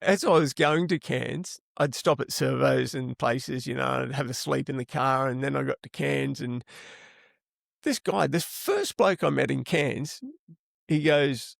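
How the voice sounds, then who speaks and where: Middle-aged Aussie bloke, gravelly, swears freely, rambling yarns on a podcast, dry mic. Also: male voice, mid-range voice, no echo. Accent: Australian. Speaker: interview guest. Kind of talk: casual storytelling.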